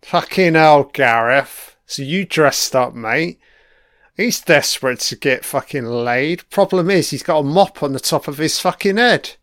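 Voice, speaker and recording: A man's voice: a little high, lively intonation, a little slow, fairly bright tone, no room sound, clean studio sound. A man giving crude, profane live reaction commentary while watching an episode. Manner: crude, profane running remarks.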